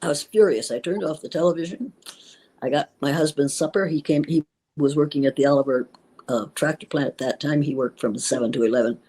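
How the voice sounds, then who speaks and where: An older woman, a retired schoolteacher, is a guest in an interview, speaking a little fast in a low, dark, breathy voice on a rough recording. She tells her story with emphatic indignation, acting out remembered dialogue and becoming tearful at times.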